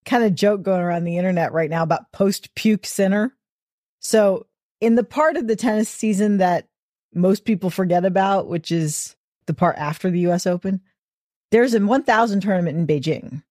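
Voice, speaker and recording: A woman talking tennis on a podcast in a casual chat, wry and full of quick detail. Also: mid-range voice, a little mellow, no room sound, studio quality. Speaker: tennis guest commentator.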